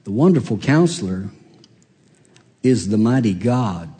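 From the pulpit, a man preaches at an unhurried, deliberate pace, retelling a story and slipping into its characters' voices. His lowish, mellow voice has lively intonation and rings out with a long reverb tail in a large church hall. He comes across as a pastor with a storyteller's manner.

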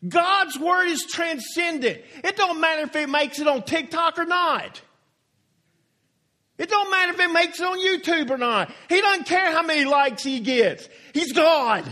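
A man's voice: very high-pitched, bright, forceful tone. A man preaching a sermon as a pastor, folksy and emphatic, stretching out key words for stress.

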